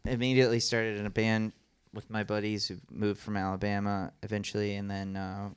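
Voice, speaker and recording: A man's voice: on the low side, a little fast, clean tone. A man in his thirties from the American South, telling stories as a comedian guest at a live podcast, acting out voices and laughing often. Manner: animated storyteller, acts out voices, laughing a lot. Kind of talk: casual storytelling chat.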